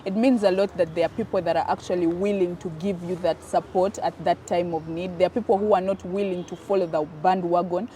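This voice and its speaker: A woman's voice: lowish voice, steady tone, fairly quick, few pauses, dark tone, a little hiss or hum. A woman answering interview questions about her online content, emphatic and a little defensive, often repeating her points.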